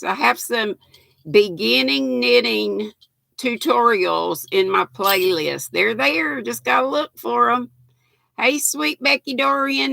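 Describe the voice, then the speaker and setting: Older southern lady chatting on her live stream, slow and folksy, kinda gravelly voice. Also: on the high side, pushed and bright, dry recording. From North Carolina. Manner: folksy, greets viewers by name, laughs often. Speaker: livestream host. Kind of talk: casual live-stream chat.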